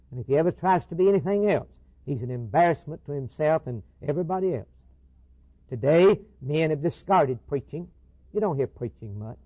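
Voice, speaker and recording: A man's voice: on the high side, no room sound. A man preaching a sermon, building rhythmic repeated lines into emphatic declarations. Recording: tinny phone-like old recording.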